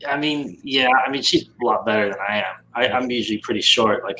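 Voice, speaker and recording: A man with a bright, forceful voice and a somewhat low pitch talks casually over a video call. He chats easily and rambles through stories about home life. Faint noise sits behind him. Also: quick pace, few pauses, low-quality recording. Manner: chatty, tells stories about his kids. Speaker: podcast guest. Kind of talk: casual chat.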